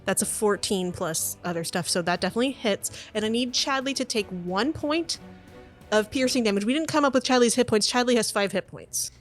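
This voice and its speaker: A woman's voice: a little high, a little fast, faint music behind. Laughing woman running a tabletop game. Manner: chatty, laughing, many "uh" restarts. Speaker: game master.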